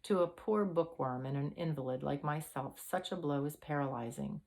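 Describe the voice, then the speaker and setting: A woman's voice: deep voice, moderate pace, vocal fry, darkish tone. A woman voicing a fussy, self-pitying old male professor with a mincing manner. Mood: lamenting.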